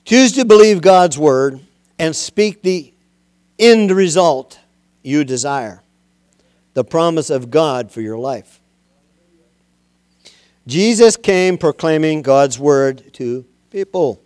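A male preacher delivers his sermon in a smooth, resonant, fairly high voice. He is emphatic and homespun, calling on listeners to speak the words aloud. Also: a little mellow, no echo, clean studio sound. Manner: plain-spoken, homespun.

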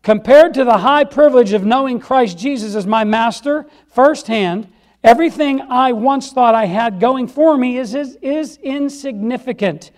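Lay preacher, male, very high voice, folksy emphatic church delivery. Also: moderate pace. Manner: folksy, emphatic, repeats phrases, asks "Amen?". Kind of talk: sermon.

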